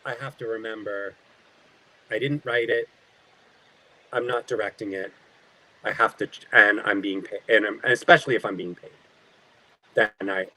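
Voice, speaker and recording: A man who works as an actor, a guest telling lively stories in casual talk. He acts out quoted lines and often laughs. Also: mid-range voice, low-quality recording.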